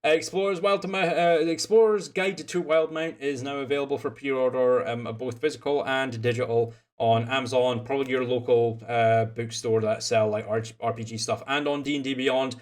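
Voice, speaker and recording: A man's voice: mid-range voice, little pitch movement, moderate pace, hardly any pauses. A young Scottish man from Scotland, chatting casually as game master and stream host, rambling with lots of fillers and restarts. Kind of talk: casual chat after a tabletop game stream.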